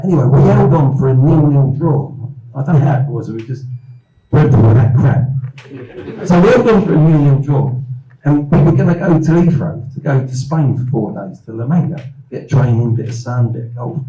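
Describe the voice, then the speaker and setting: A man in his sixties from England, telling lively anecdotes at a live event and acting out the voices of people in his stories. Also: medium pitch, echoey room, dull audio. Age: 60s. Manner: anecdotal, animated, acts out voices. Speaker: guest speaker. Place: event hall.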